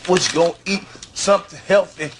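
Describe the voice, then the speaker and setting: A man doing a comic impression of an exasperated middle-aged sitcom dad who gripes loudly. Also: sits high, brisk, slight background noise, lightly acted. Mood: exasperated griping. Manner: shouting, complaining comic impression.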